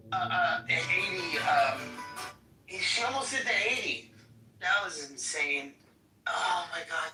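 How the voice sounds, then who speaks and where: A man chats on a casual podcast, excitable and crude, often breaking into loud laughter. His pitch is lively. He sounds distant and echoey, with music clearly playing behind him.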